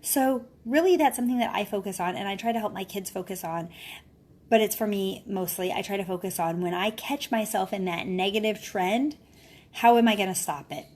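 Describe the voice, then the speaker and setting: A woman chats casually to her online followers, earnest and encouraging. She keeps tacking a questioning "right?" onto her phrases, and her voice sits at an ordinary middle pitch. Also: fairly quick, a little mellow. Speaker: mother and wellness speaker. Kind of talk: casual live-video talk to followers.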